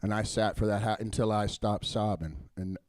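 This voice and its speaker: A man's voice: lowish voice, steady tone, moderate pace, darkish tone, no echo. A middle-aged man telling a raw personal story, emotional and blunt, with swearing. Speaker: storyteller at a live event.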